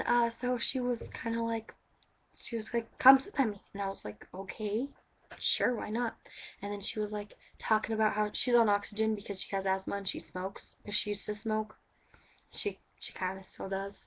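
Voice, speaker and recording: A woman's voice: mid-range voice, little pitch movement, normal speed, dull audio. A woman telling a story in a casual vlog, rambling with lots of "like" and restarts. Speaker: vlogger.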